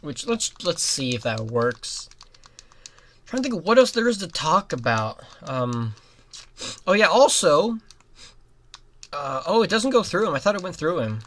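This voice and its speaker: A young adult giving rambling let's-play commentary, breaking into giggles and sudden loud outbursts at the game. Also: medium pitch, sing-song, a little slow, long pauses. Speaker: gaming commentator.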